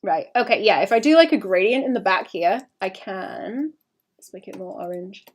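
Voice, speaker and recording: A woman's voice: mid-range voice, expressive, moderate pace. Rambling British woman streaming her art. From Britain. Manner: rambling, self-mocking, often trails off to mutter. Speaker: streaming artist. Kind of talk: casual stream chat while drawing.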